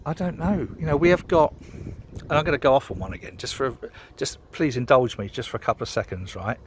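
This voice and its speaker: Slight background noise accompanies a British man's casual outdoor vlog rant by a canal, delivered briskly in a mid-range voice with a British English accent. He's a bit tipsy after a beer, rambling, swearing, and ranting heatedly.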